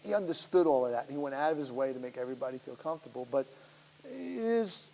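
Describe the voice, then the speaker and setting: A man who is a guest actor, telling rambling, animated anecdotes at a public Q&A, laughing and swearing as he goes. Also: mid-range voice, quick pace, vocal fry. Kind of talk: storytelling in a public Q&A. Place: school auditorium. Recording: echoey hall with faint hiss.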